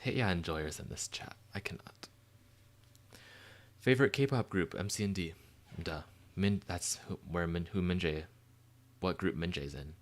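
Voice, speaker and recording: Answering his chat, a livestream host rambles on casually and excitedly, dropping in plenty of fillers. He's low-pitched, speaks a little slowly, and takes long pauses.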